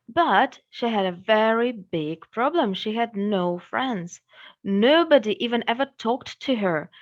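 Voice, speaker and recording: A woman from Russia with a Russian accent, telling a fairy tale in English in an expressive, dramatic way. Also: high-pitched, muffled recording. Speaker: English teacher telling a story. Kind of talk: storytelling.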